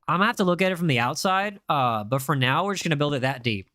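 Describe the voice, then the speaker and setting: A man's voice: fairly high pitch, lively intonation, fast, pushed and bright, no echo, studio quality. A young man with a mix of Spanish and American accent, chatting casually with viewers while building in a game and teasing them as he reads their messages. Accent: mixed Spanish and American. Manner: joking, teasing viewers, reads chat aloud. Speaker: streamer. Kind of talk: casual live-stream chat while playing.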